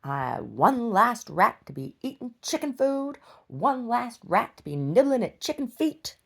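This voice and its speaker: A woman's voice: on the high side, very animated, unhurried, gravelly, voice pushed up, full character voice. A woman voicing her proud male dog in a childlike, bragging voice. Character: proud eager male dog boasting to his owner.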